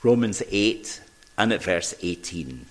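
A man preaching a sermon at a church service, earnest and measured, reading scripture aloud. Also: sits low, sing-song.

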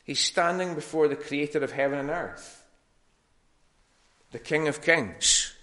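A male preacher giving a conversational sermon and explaining a Bible passage, with frequent pauses and fillers. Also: fairly high pitch, bright, forceful tone.

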